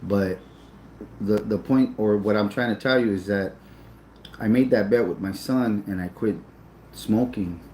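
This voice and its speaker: A man's voice: on the low side, a little slow, long pauses, a little mellow, reverberant, a little hiss or hum, rough recording. A man telling a personal story in casual, profane speech, with emotion and plenty of repetition. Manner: emotional, profane, repeats himself. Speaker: storyteller recounting his son's boxing.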